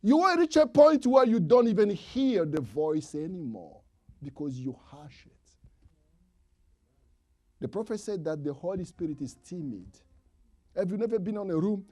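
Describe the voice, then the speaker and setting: Male preacher, high husky voice, sermon delivery, dramatic swings between shouting and whispering. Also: lively intonation, normal speed, long pauses. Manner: swings from loud emphatic calls to hushed whispers; non-native English phrasing, repeats for emphasis.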